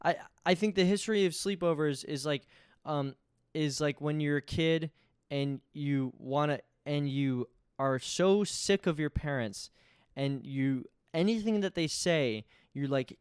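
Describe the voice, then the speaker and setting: A man's voice: a little high, expressive, normal speed, smooth, dry recording, studio quality. A young man hosting his own podcast, talking casually in a rambling, self-deprecating way and often restarting his sentences. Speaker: podcast host. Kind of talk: casual solo podcast monologue.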